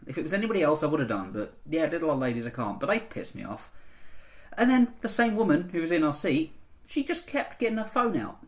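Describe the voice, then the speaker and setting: A man's voice: on the high side, sing-song, fast. Guy rambling through a casual film review vlog, lots of ums. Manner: chatty, rambling, with frequent ums.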